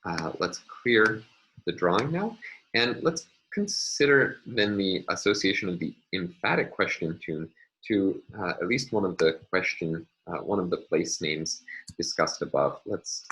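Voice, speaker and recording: A man with a very low voice talks through a recorded linguistics lesson at his computer. He moves methodically from point to point, filling pauses with ums and uhs while he annotates on screen. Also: a bit bright, a little hiss or hum, poor audio. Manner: methodical, explains step by step with frequent ums and uhs. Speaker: linguistics lecturer.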